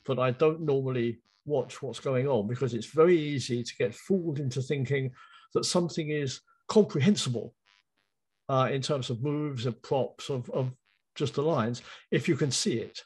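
A man's voice: mid-range voice, moderate pace, darkish tone, slightly rough, low-quality recording. A man, a writer and podcast guest, speaking thoughtfully and repeating key phrases. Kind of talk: interview conversation.

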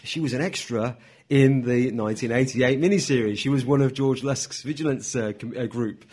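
A man speaking as guest at a society meeting in a hotel function room, relaxed and chatty. He tells stories in a self-deprecating way, with plenty of ums and quick asides, at a middling pitch. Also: slightly rough. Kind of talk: talk to a live audience.

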